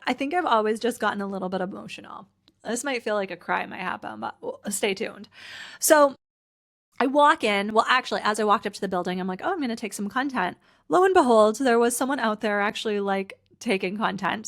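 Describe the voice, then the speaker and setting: A Canadian woman, a podcast host and personal brand coach, talks on her casual solo podcast in a mid-range, gravelly, fairly bright voice at a slightly fast pace. She's chatty and full of fillers like "like," sounding tired and a little teary as she laughs through tears.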